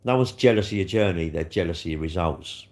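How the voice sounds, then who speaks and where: A man's voice: low-pitched, brisk, darkish tone. A middle-aged man, rambling casually on a live stream, swearing freely and answering viewer comments. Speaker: livestreamer.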